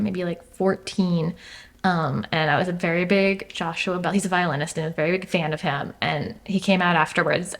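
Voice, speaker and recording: A young adult woman chatting as an interview guest, thoughtful, with many fillers and restarts. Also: on the low side. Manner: thoughtful, frequent fillers and restarts, laughs easily. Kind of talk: casual interview chat.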